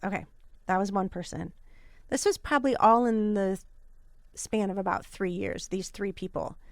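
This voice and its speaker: A woman in her thirties hosting a podcast, telling a personal story in a candid, earnest and animated way. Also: medium pitch, moderate pace, dry recording, studio quality. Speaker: podcast host.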